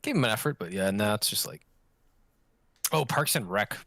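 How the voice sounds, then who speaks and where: Man, podcast co-host, animated rambling talk, fairly low voice, dry sound. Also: normal speed, creaky, no echo. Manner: rambling, joking, puts on silly voices. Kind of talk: casual chat. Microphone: online voice call.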